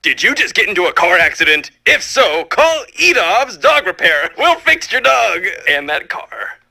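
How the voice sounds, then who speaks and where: A man voicing a cheesy caller pitching a fake repair shop in a salesy, sarcastic tone. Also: sing-song, normal speed, gravelly, bright, forceful tone, exaggerated voice.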